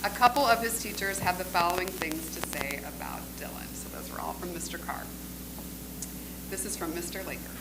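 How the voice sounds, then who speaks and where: A woman's voice: medium pitch, background noise. A woman filling in for the principal at a school board meeting, joking a little and reading teachers' notes about a student. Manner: chatty and joking, drops quieter while reading. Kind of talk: reading award tributes at a meeting.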